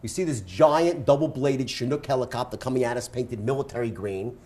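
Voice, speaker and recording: A man's voice: medium pitch, a little mellow. A man telling a dramatic personal anecdote on stage, in punchy bursts peppered with "right?" and "so anyway". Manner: fast, punchy storytelling with frequent "right?" and "so anyway". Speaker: speaker and author.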